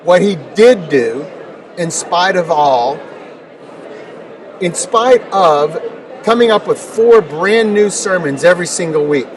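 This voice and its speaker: A man's voice: high voice, animated, takes it slowly, a faint crowd. A middle-aged man, an interview guest, telling personal stories in an emphatic way, repeating words and building rhetorical questions. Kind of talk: conversational storytelling interview. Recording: distant mic with noticeable noise.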